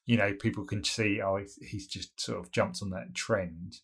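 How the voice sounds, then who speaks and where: A man's voice: on the low side, fairly even intonation, moderate pace, creaky, fairly bright tone, husky. A British man from the UK co-hosting a podcast, giving thoughtful, hesitant answers full of "you know" and restarts. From United Kingdom. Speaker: podcast co-host. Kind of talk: casual podcast chat.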